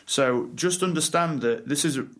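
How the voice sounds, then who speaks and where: A man speaking as a life coach guest on a podcast interview, telling stories in a lively, direct way. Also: fairly high pitch. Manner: animated storytelling, quick asides and laughs.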